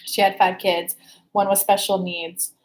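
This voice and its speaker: A woman's voice: medium pitch, flat delivery, a little slow. Chatty, candid woman coach on a live stream. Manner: candid and chatty, swears freely, with whooping exclamations. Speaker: intuitive life coach. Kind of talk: casual live-stream chat answering viewer questions.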